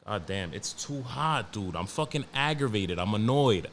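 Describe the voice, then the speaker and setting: Hosting a solo podcast, a New Yorker rants in a casual, profane and forceful manner, frequently repeating himself and restarting sentences. His lowish voice is animated and a bit bright, moving at a moderate pace with hardly any pauses, over a slight hiss or hum.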